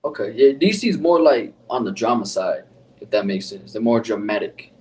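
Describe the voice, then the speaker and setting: A man with a middle-pitched voice talks in a relaxed, slangy way, cursing often. He sits a little off the mic, and a faint hiss runs underneath. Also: normal speed, recorded from a distance, rough recording. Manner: laid-back, heavy swearing, slangy. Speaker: podcast host. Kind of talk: casual chat.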